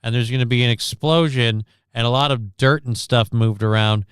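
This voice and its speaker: A man's voice: medium pitch, moderate pace, clear, resonant tone, dry recording, studio quality. A man streaming casual reaction commentary on a news clip, sarcastic and rambling, reading chat comments aloud.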